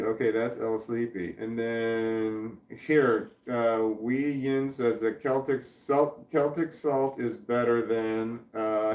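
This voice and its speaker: A man's voice: medium pitch, reverberant, recorded from a distance. A man chatting casually on a live stream, reading chat and thinking aloud in rambling, self-interrupting sentences.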